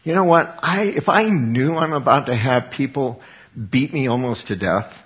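A man preaching a conversational sermon in an earnest, folksy way, rising to emphatic bursts between softer stretches. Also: medium pitch, moderate pace. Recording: slightly dull lo-fi recording.

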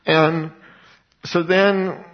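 A man's voice: on the high side, level tone, very slow, highs cut off. A man preaching a Bible teaching sermon, retelling scripture as conversational storytelling. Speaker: pastor.

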